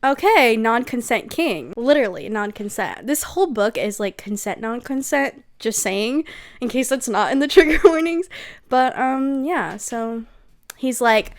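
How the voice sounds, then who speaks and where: A woman's voice: on the high side, lively intonation, measured pace. A young woman giving a casual, sarcastic book recap, gossipy and full of asides like "okay?". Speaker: book reviewer.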